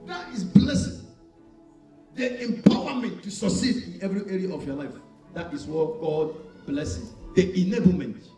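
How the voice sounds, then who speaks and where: High-pitched preacher man shouting in an echoey hall. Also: normal speed. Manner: shouting call-and-response with the congregation. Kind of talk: sermon. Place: church hall. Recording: echoey church hall, mic far off, faint music.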